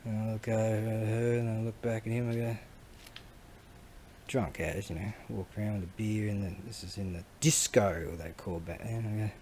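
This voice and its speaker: A man's voice: on the low side, fairly even intonation, normal speed, mellow, slight background noise. A middle-aged Australian man giving casual, wandering commentary full of slang as a vlogger. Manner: slangy, wandering, chuckling storyteller.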